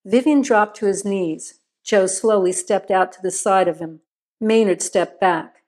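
A woman reading a crime story aloud in a steady, measured narration. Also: medium pitch.

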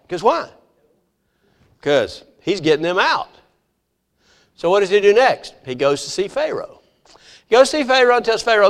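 Animated high-voiced preacher. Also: male voice, moderate pace, long pauses. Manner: animated storytelling, acting out voices of biblical figures. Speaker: pastor. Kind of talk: sermon.

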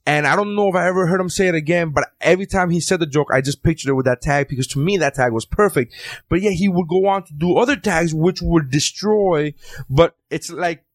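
A man's voice: on the high side, fairly quick, no echo, clean studio sound. A man who is a stand-up comedian, chatting casually in a rambling, profane way and often restarting his sentences. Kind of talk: casual chat.

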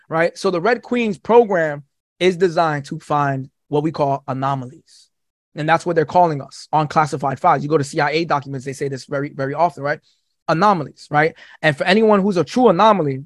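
A man guesting on a podcast, talking in a long, restless monologue full of swearing and constant "right?" check-ins. His voice sits fairly high for a man, and now and then he jumps into squeaky put-on voices to quote people. The sound is dry and close, with no room echo. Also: a bit bright. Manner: rapid rambling monologue, swearing, says "right?" often. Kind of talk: casual podcast chat.

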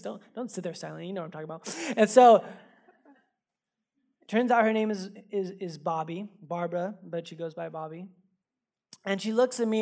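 A man's voice: high-pitched, darkish tone. A male pastor giving a sermon to a live congregation in a church. He tells personal stories in a casual, conversational way with self-deprecating humor, often repeating words as he goes. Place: church service before a congregation.

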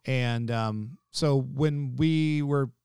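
A man's voice: medium pitch, extremely slow, a little mellow, smooth, dry recording. A man, guest director of a ministry, telling personal family stories in a heartfelt, emotional conversation, often repeating and restarting his words.

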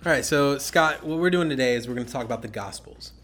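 A man's voice: mid-range voice, animated, fast, a bit bright, faint music behind. A man co-hosting a casual podcast, explaining scripture steadily and checking in with "okay?" as he goes. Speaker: podcast co-host. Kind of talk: casual Bible-teaching chat.

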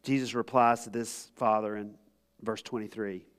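A man preaching a sermon as pastor, impassioned, swinging between loud pleading and hushed, quiet tones. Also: on the low side, little pitch movement, normal speed, clean tone.

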